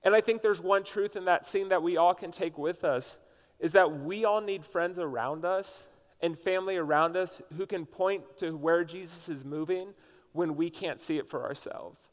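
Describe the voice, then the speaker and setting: A man's voice: high voice, normal speed. A man from Indiana preaching a conversational sermon as a pastor, telling a personal story in a casual way with frequent "like" fillers. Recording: long reverb from a large hall.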